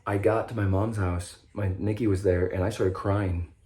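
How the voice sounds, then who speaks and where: A man's voice: deep voice, steady tone, normal speed, mellow. A young man from Nebraska telling his own story in a rambling, profane, stop-start way, full of restarts. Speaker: vlogger sharing recovery story. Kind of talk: unscripted personal monologue.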